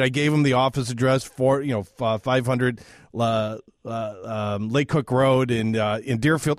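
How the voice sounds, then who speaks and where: Male radio host, animated storyteller, dry close studio mic. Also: medium pitch, moderate pace, no room sound. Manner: animated storyteller, acts out both sides of calls. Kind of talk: radio interview.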